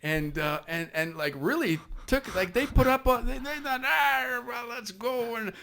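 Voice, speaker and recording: Animated middle-aged man with East Coast accent. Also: sits high, moderate pace, a little hiss or hum. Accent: Canadian East Coast. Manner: animated storyteller with many restarts and laughs. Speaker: podcast guest, former SWAT sergeant. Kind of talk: casual storytelling.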